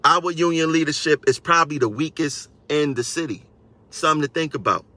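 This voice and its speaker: A man's voice: on the high side, a little fast, sharp tone. A man, a transit union member, ranting on a live stream to his viewers in a combative way and repeating phrases for emphasis.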